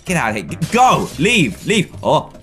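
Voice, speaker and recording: A man commentates on gameplay in a high voice, talking excitably, laughing often and bursting into sudden shouts. Faint game music plays behind him. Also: normal speed. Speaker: gaming commentator.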